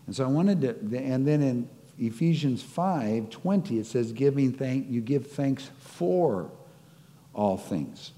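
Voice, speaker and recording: A man's voice: medium pitch, expressive, takes it slowly, warm tone. Man preaching in a reverberant hall. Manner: reflective teaching, quotes scripture, acts out short anecdotes. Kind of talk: sermon.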